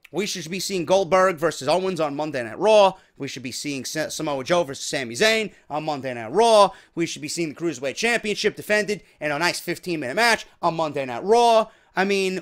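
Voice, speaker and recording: A man's voice: high voice, pushed and bright. A man hosting a wrestling commentary show, ranting in a profane, exasperated way. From New York.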